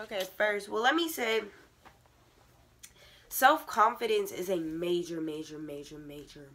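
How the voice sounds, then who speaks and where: A woman's voice: mid-range voice, measured pace, long pauses, fairly bright tone. Teen girl, stuffed-up nose, casual vlog rant, constant filler words, faint hiss behind. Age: teens. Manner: fills every phrase with "like". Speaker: vlogger. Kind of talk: casual advice rant to camera.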